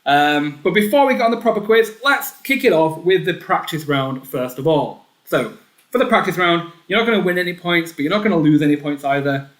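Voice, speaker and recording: A man hosting a live online pub quiz, chatty, reading each question and its options twice and often clearing his throat. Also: on the high side, expressive, fairly quick, a bit bright. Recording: echoey room.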